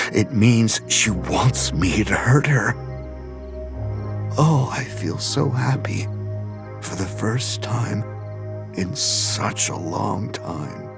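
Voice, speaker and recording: An actor playing an obsessive, murderous young man who narrates his own thoughts in an audio drama, in a hushed, menacing and unhinged way. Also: fairly low pitch. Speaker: narrating character. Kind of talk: first-person audio drama monologue.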